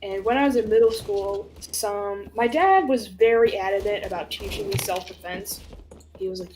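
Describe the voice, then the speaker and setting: A young woman streamer telling stories in casual chat, animated and laughing, swearing freely and acting out what people said. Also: mid-range voice, normal speed, slight background noise.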